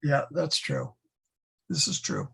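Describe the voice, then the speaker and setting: A man teaching a Latin class, slowly going through verb forms and correcting his own slips. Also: on the high side, vocal fry, a bit bright, slightly rough. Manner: slow, patient, stumbles and self-corrects; spells out Latin forms one by one. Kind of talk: classroom lesson.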